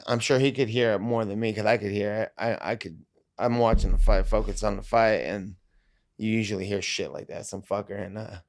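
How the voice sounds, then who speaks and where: A man's voice: on the low side, a little mellow. A man telling stories as a podcast guest, laid-back and full of swearing. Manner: profane, laid-back, rambling. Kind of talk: casual storytelling.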